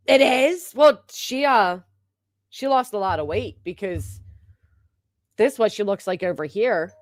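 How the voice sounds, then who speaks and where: A woman's voice: mid-range voice, lively intonation, unhurried, no room sound, clean studio sound. Gossipy woman chatting on a livestream. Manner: chatty, gossipy, laughs often. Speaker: livestream host. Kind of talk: casual livestream chat reading comments.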